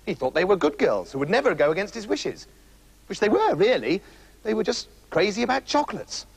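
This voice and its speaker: A man narrates a comic fairy tale with playful asides. His voice sits high and swings widely in pitch. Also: sing-song, brisk, slightly rough, rough recording. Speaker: storyteller.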